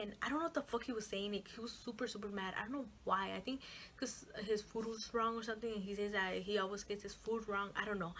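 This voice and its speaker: A young woman vlogs to her camera in a loose, rambling way, packing her sentences with fillers and dropping the occasional swear word. Her pitch sits in the middle, and a faint hiss runs underneath. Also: steady tone, fast talker, a bit bright. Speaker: vlogger. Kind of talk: casual chat to camera.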